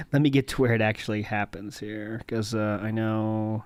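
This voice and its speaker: A man's voice: fairly low pitch, fairly even intonation, unhurried, dry recording. A man hosting a podcast, rambling with many fillers as he comments casually on old video footage. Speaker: podcast host.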